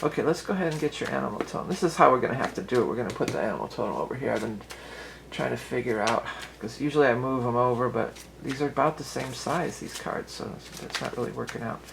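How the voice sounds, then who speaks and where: Gravelly, chatty woman reading tarot. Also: rumbling low, lively intonation, quick pace, noisy background. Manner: chatty and rambling, often restarting sentences. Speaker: tarot and astrology reader. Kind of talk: casual tarot reading for viewers.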